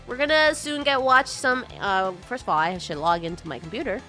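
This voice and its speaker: A bubbly woman chats with her live-stream viewers, her voice high and very bright. She greets people in a sing-song and laughs easily while she talks. Faint music plays under her voice. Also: lively intonation, a little fast, few pauses. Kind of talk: casual live-stream chat.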